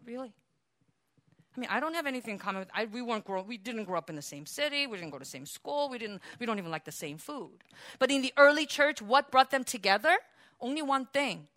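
A woman pastor preaching a sermon in a church, animated, acting out quotes and laughing often. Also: high voice.

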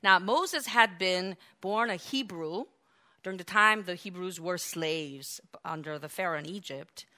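Woman giving a sermon, bright clear voice, gets animated acting out the quotes. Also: a little slow. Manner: animated, acts out biblical quotes with raised pitch and volume. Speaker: preacher.

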